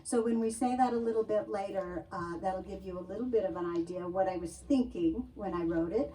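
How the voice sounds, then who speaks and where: A woman minister leading a congregation in prayer, gentle and coaxing, often checking in with "okay?". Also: medium pitch, brisk. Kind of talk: spiritual talk and guided prayer. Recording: distant mic with faint room ambience.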